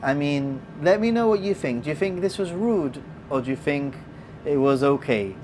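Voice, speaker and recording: A host from Gibraltar telling a story in casual chat, turning loud and excited as it goes. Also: medium pitch, normal speed, a little hiss or hum. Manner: animated, gets loud and excited when retelling.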